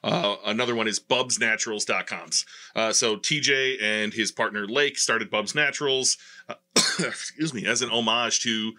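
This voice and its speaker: A man hosting a podcast who talks casually and with energy, running through quick plugs and questions. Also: lowish voice, pushed and bright. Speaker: podcast host.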